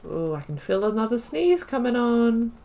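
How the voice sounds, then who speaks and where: A woman's voice: on the high side, big pitch swings, normal speed, creaky, dark tone, a little hiss or hum. A woman gamer giving casual let's play commentary, chatting and talking back to the characters on screen.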